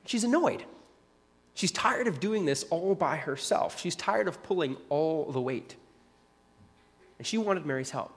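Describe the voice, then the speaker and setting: A man's voice: a little high, lively intonation, moderate pace, in a large hall. A male pastor preaching a sermon conversationally, repeating phrases for emphasis.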